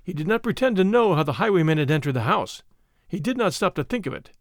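Expressive high-voiced male narrator. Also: fast, dry recording, studio quality. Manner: expressive storytelling. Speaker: audiobook narrator. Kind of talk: scripted narration.

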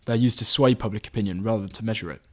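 A man reading his own magazine article aloud in measured, even scripted narration. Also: fairly low pitch.

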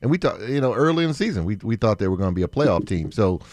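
A man's voice: fairly low pitch, very animated, fast talker, a little mellow, dry recording. A man co-hosting a sports radio show who teases his colleagues and talks through his thoughts at length. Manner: easygoing, teasing, talks in long run-on thoughts. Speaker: co-host, football analyst.

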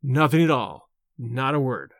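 A man's voice: mid-range voice, lively intonation, measured pace, dry recording, studio quality, voice pushed down. A man reading a blunt, level-headed medical student. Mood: curt. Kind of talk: audiobook character voice.

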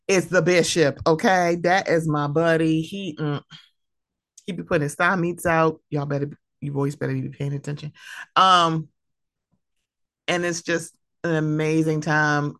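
A woman in her thirties hosts her podcast in a relaxed, chatty way, full of playful asides and little acted-out quotes. Her voice sits a bit low. The sound is dry and close, with no room echo. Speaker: podcast host. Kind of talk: casual chat.

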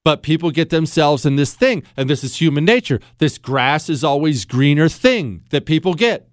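A man's voice: fairly high pitch, lively intonation, normal speed, few pauses, dry recording, studio quality. A man hosting a talk show, delivering an opinionated monologue with sarcastic, emphatic asides. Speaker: radio talk show host.

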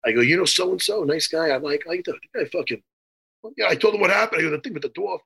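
A man's voice: on the high side, quick pace, vocal fry, pushed and bright, husky. A middle-aged man telling a profane, rambling story in casual chat, stammering through restarts and bursting into laughter.

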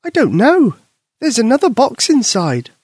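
Storybook little girl, squealing and impatient, put on by a male narrator, very high and bouncy. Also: measured pace, slightly rough, no echo, studio quality, heavily acted. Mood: excited. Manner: squealing, breathless excitement.

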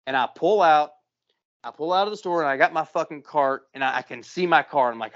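Speaking briskly in a slightly high voice, a man co-hosting a podcast tells a long story in casual conversation. He swears a lot and animatedly acts out the characters. The recording sounds muffled and lo-fi.

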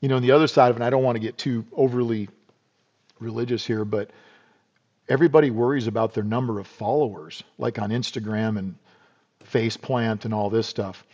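A man's voice: mid-range voice, fairly even intonation, fairly quick, darkish tone. A middle-aged American man, a podcast guest, telling stories in a rambling, folksy way with lots of "you know." The sound is dull and lo-fi. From United States. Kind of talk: casual storytelling interview.

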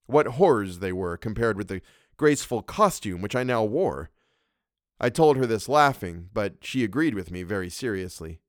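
A man narrates a classic story in a measured, even manner. His voice sits at an ordinary mid pitch. The recording is dry and close, with no room sound. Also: no echo. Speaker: podcast narrator.

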